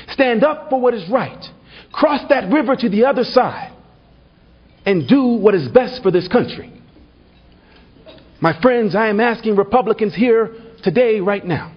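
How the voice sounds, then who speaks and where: Male political speaker with a high, husky voice and a stirring, refrain-heavy delivery, on a dull lo-fi banquet recording. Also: animated, unhurried, pauses often. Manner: builds to rhetorical refrains, tells a humorous anecdote. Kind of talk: rousing political dinner speech. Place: banquet hall at a party dinner.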